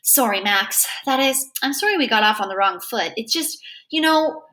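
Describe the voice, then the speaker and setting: Storybook mom, read by a woman: soft-spoken, apologetic, lively pitch. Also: moderate pace. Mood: gentle. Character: kind, slightly awkward adult mother.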